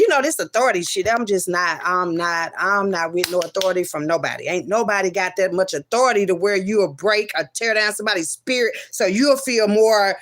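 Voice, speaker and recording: A mother shares an emotional personal story, swearing and speaking emphatically as she swings from loud outbursts to low murmurs, refusing again and again. She talks fairly quickly with hardly any pauses.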